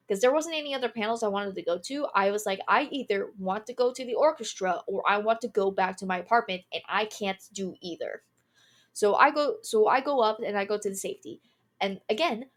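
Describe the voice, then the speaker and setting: Casting note: twenty-something woman, candid, animated storyteller. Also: mid-range voice. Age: 20s. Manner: animated, candid, laughs through the telling. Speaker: streamer. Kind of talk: casual storytelling.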